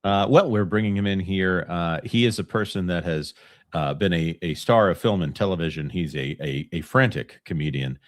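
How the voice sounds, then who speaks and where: A man's voice: low-pitched, moderate pace, dry recording. A man co-hosting a casual live chat, reading out viewer messages and joking. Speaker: co-host.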